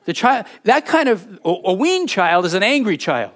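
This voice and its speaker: A male pastor preaching a sermon in an emphatic, expressive way, reading scripture aloud to his congregation. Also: high-pitched, moderate pace.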